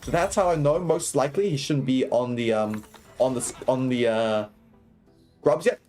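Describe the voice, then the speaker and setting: A man's voice: medium pitch, a little mellow, soft background music. A young man streaming and coaching a video game, explaining each move and checking in with viewers as he plays. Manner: quick, explanatory, keeps checking in with "right?" and "okay?"; laughs and banters with chat. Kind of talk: live gameplay commentary.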